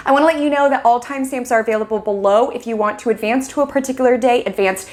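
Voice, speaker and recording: Chatty woman, higher voice. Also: racing. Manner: chatty, lots of "like", acts out little quoted scenes. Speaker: astrologer host. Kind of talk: casual forecast monologue.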